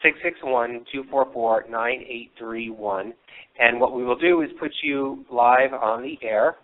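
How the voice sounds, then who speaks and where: A paranormal radio show host runs a live investigation, unhurriedly recounting history with lots of fillers and digressions. His ordinary mid-pitched voice is worn because he's losing it, and the audio is thin and tinny, like a phone line.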